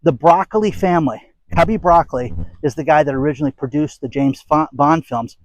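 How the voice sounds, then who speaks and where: A man's voice: on the high side, fairly quick, dry recording, rough recording. A middle-aged man hosting a commentary channel, ranting bluntly and emphatically to camera, with sarcastic asides and repeated phrases. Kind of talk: opinionated rant to camera.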